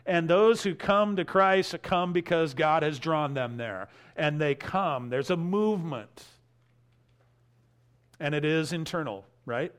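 A man preaching an expository sermon, emphatic, repeating key phrases and swinging between loud stresses and quiet asides. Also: on the high side, lively intonation, slow pace. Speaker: pastor.

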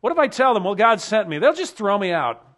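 A man's voice: high voice, big pitch swings, normal speed, a bit bright. A preacher acting out an overwhelmed ancient male leader who pleads in exasperated, self-doubting outbursts. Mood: pleading.

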